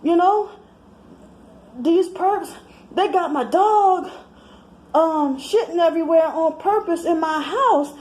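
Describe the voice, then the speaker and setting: A woman in her thirties mimicking a chatty, complaining fellow phone caller in a high, indignant voice. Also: slow, long pauses, darkish tone, echoey room.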